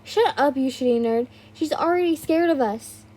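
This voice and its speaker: A woman's voice: high voice, normal speed, mellow, close to an everyday voice. A woman voicing a hot-tempered, crude teenage boy hero who snarls insults, while reading a fan story aloud. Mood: angry.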